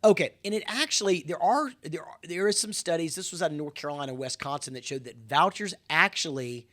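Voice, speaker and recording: A man's voice: a little high, lively intonation, brisk, fairly bright tone. A man giving an impassioned, emphatic monologue on education, getting worked up, repeating himself and telling listeners to wake up. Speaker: education commentator.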